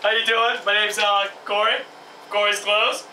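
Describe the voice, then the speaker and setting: A man's voice: sits high, flat delivery, moderate pace, bright, forceful tone, echoey room, recorded from a distance, slight background noise, low-quality recording. A man hosting a comedy web series, talking in a dramatic, flustered, rambling way. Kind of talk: comedy sketch acting.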